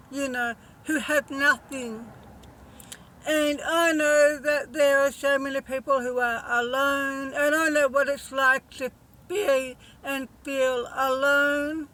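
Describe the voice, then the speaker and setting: A woman vlogger talking to her viewers in a heartfelt, emotional way, halting often with fillers. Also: high voice, pushed and bright, rough recording. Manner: heartfelt and earnest. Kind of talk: casual direct-to-camera vlog.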